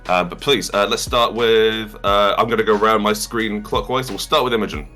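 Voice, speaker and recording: Bright-voiced man game master. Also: fairly low pitch, steady tone, a little fast, soft background music. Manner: playful, self-mocking banter with sudden loud outbursts. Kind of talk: joking stream introduction.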